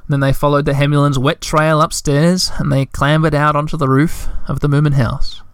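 A man reading a children's story aloud, with relaxed, chatty asides in between. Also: fairly high pitch, moderate pace, clean tone, no echo, studio quality. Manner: relaxed, chatty, self-deprecating.

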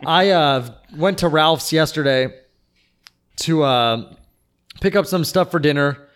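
A man's voice: a little high, takes it slowly, a bit bright, smooth. A young man chatting casually on a podcast, venting and rambling with lots of fillers. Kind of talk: casual chat.

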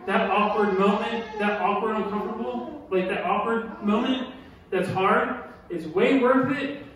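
A man with a high voice delivers a sermon with emphatic repetition and questions to his listeners. He is picked up from a distance, so the voice bounces around a big reverberant hall. A faint noise hums underneath. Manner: animated, emphatic, repeats key lines, asks the audience questions. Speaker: pastor.

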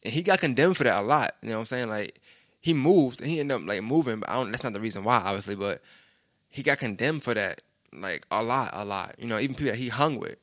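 A young man with a mid-range, expressive, slightly bright voice talks fast as he rambles loosely through a personal story, often saying "you know what I'm saying." It's a casual storytelling monologue with a dry, clean studio sound.

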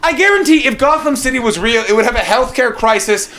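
A young man performing stand-up comedy, ranting in a profane, animated way. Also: very high voice, quick pace, a little hiss or hum.

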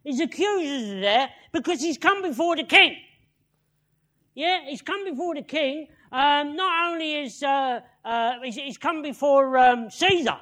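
A man's voice: very high-pitched, expressive, a little slow, sharp tone. A man preaching a sermon as a story, repeating phrases and often calling out to his listeners. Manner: repeats phrases, calls "listen" and "yeah?" to the crowd.

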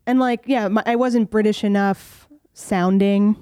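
Chatty young woman with a warm, dry sound. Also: medium pitch, a little slow, clear, resonant tone, dry recording. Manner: chatty, lots of "like" fillers, animated. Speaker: comedian guest. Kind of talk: casual podcast chat.

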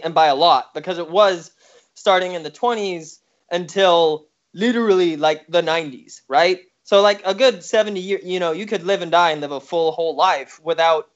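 A man with a notably high voice rambles through politics in loose, casual chat. He swears freely and jokes as he goes. The recording sounds a little dull and lo-fi. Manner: rambling, profane, joking.

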